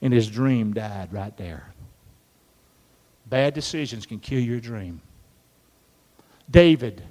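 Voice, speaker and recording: Animated preacher in a reverberant hall. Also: male voice, medium pitch, slow pace, pauses often. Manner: animated, call-and-response preaching with acted-out biblical voices. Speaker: pastor. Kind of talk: sermon.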